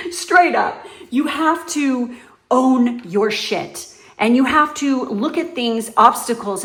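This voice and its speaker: A woman giving her viewers a casual, foul-mouthed pep talk as a tarot reader, blunt and emphatic. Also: fairly high pitch. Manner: blunt and profane, emphatic, swings between loud and soft.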